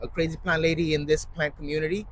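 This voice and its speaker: A man's voice: a little high, little pitch movement, fast talker, a little hiss or hum. A man co-hosting a casual podcast at a plant nursery, playful and jokey. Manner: playful, jokey, drops in goofy sung bits. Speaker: podcast co-host. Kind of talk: casual chat. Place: plant nursery beside a shed. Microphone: small cheap mic.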